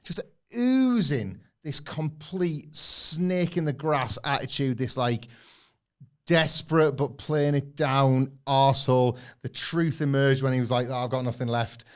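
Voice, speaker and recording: A man co-hosting a review podcast at a mid pitch, his analysis enthusiastic and rambling. He loops back on his phrases while working through his points. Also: slow pace. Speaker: podcast co-host. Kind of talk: casual review chat.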